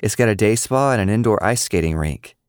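A patient, good-humored young mother who fields a child's questions with calm, deadpan amusement, as read by a man. It stays close to his own smooth, low reading voice, only slightly lifted. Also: brisk, dry recording, close to an everyday voice. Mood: amused.

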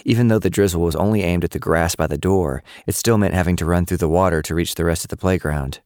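A man reading a novel aloud as its narrator, steady and measured. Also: low voice, clean tone, no room sound, clean studio sound. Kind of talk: scripted audiobook narration.

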